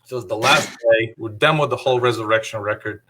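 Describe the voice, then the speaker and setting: A man's voice: on the low side, fast, background noise. A man being interviewed about his past, telling rambling anecdotes with lots of fillers and quoting his own past remarks. He is speaking over a video call. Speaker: guest guitarist. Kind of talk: casual interview storytelling.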